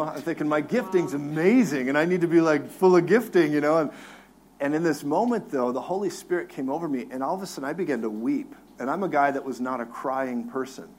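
Animated male preacher telling a testimony. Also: medium pitch, slight background noise. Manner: animated storyteller, laughs and acts out his own crying. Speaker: minister. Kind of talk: testimony on a talk show.

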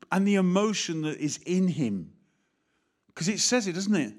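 A middle-aged Englishman delivers a lively sermon, addressing the congregation directly and acting out little voices. His pitch is fairly high and his pace a little slow.

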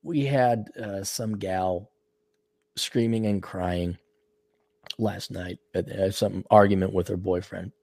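An older man hosting a podcast while sick, clearing his throat often, ranting sarcastically and profanely and reading out donor messages. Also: sits low, fairly even intonation, takes it slowly, mellow, no room sound, clean studio sound. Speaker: podcast host. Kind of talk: casual ranting monologue.

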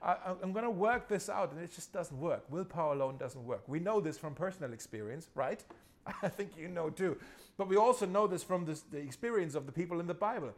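A man's voice: fairly high pitch, lively intonation, fairly quick. A male pastor delivering a conversational sermon, repeating key phrases and chuckling at himself now and then.

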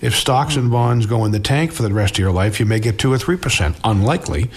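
A man's voice: mid-range voice, lively intonation, fast, husky. A middle-aged man who works as a financial advisor, answering interview questions in a conversational way, restarting words and often ending his points with "okay?".

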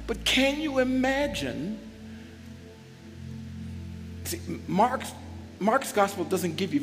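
A man preaching a sermon as a bishop, calling out to the congregation and building into shouts. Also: extremely high pitch. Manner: call-and-response preaching, swells into shouts. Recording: long hall reverb with faint music.

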